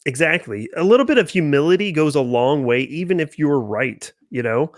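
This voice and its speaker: A young man hosting a casual interview, talking in a relaxed, rambling way. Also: a little high, moderate pace, dry recording. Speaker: podcast host.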